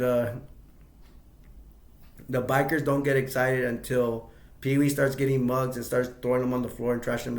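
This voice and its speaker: With a mid-range voice, a man recounts a movie's plot like an amateur reviewer, in a casual, rambling, halting way full of "like" and frequent chuckles. The recording has a roomy sound.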